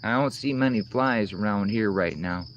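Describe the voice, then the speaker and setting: A man's voice: fairly low pitch, normal speed, lo-fi sound, a little hiss or hum. A man hosting a casual livestream outdoors, rambling and cursing as he answers chat comments. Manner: rambling, profane, talks back to chat comments. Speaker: livestream host reading chat. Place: outdoors among insects.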